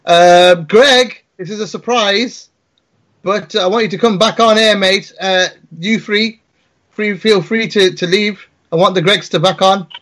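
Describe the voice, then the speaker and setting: A man's voice: high voice, unhurried, a bit bright. A man hosting a live podcast, wrapping up the show with casual, sweary thanks to his guests. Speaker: host.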